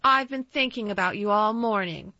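A woman voicing an imperious, spoiled young boy who gives slow, demanding orders. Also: medium pitch, sharp tone, dry recording. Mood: commanding. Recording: slightly dull dry recording.

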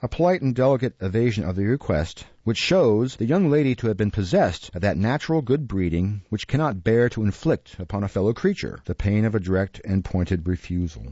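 A man reading a classic novel aloud as an audiobook narrator in a measured way. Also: fairly low pitch, animated, mellow, breathy edge, no room sound, muffled recording. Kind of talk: scripted narration.

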